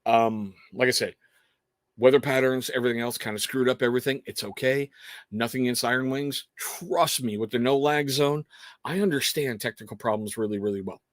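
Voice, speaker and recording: A man's voice: medium pitch, brisk, no echo, clean studio sound. A man hosting a casual livestream, talking in a rambling, earnest way with frequent restarts. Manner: rambling, self-interrupting, earnest. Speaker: livestream host.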